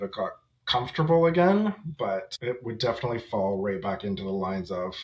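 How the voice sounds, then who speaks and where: A man in his thirties shares his personal story as a podcast guest, speaking candidly and reflectively. His voice sits a little on the low side. The recording carries a noticeable roomy echo. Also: animated, normal speed. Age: 30s. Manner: reflective, candid, with small laughs. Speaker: podcast guest, memoir author.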